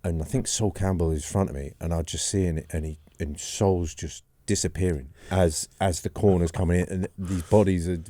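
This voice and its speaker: Podcast guest, man, 40s: low mellow voice, dry studio sound, rambling self-deprecating storyteller. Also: fairly even intonation, moderate pace, hardly any pauses, dry recording. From England. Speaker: podcast guest, former goalkeeper. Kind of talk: casual storytelling.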